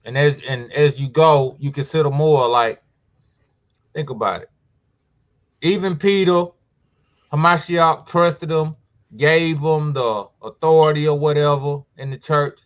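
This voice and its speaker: A man reflects on scripture in casual chat, often asking whether his listener follows. His voice sits fairly high, and the recording sounds dull and lo-fi. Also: a little slow, pauses often. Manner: reflective, preachy, checks in with the listener. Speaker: co-host.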